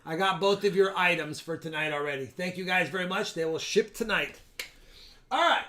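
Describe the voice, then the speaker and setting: Guy hosting a live stream, bright high voice, goofy and loud, counting down giveaways. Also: normal speed. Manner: playful and loud, counting down giveaways, joking with viewers. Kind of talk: casual live stream chat.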